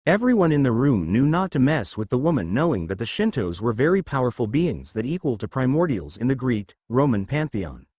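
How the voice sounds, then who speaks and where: A man reads a fan-fiction story aloud, his mid-pitched voice rising and falling in a lively way. The sound is dry and close, with no room around it. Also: brisk, hardly any pauses, husky, no echo. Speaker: narrator.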